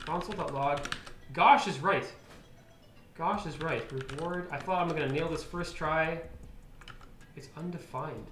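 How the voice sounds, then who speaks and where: While live-streaming his coding session at a computer, a man with a fairly high, bright voice mutters and reasons aloud, now and then erupting in frustration. Keyboard clicks are audible, and the room sounds echoey with a faint noise floor.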